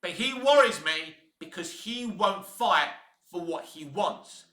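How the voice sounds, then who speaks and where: Cockney bloke ranting on his channel, high sharp voice, echoey room, swears a lot. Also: lively intonation, slow pace. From England. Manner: blunt, heated, swears freely. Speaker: YouTube film commentator. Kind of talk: opinionated commentary rant.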